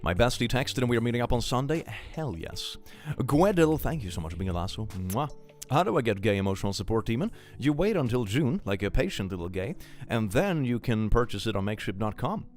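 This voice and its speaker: A man's voice: mid-range voice, sing-song, a little fast, hardly any pauses, soft background music. A young man chatting casually on a live stream, joking and laughing often.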